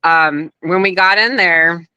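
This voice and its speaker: A middle-aged woman telling a story in a casual, animated way, acting out the voices of people she quotes. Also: lowish voice, slow pace, smooth, no room sound, highs cut off. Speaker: guest, wrestler's daughter.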